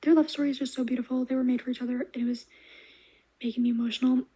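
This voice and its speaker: A young woman reviewing books in a casual vlog, gushing and animated, with soft half-whispered asides. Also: high-pitched, very fast, slightly rough, dull audio. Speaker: book reviewer. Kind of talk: casual reading wrap-up vlog.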